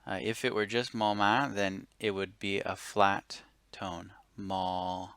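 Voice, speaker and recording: Low-voiced man explaining a lesson, dry and close. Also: measured pace, clear, resonant tone, no echo. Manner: relaxed, explains step by step with self-corrections. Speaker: language teacher.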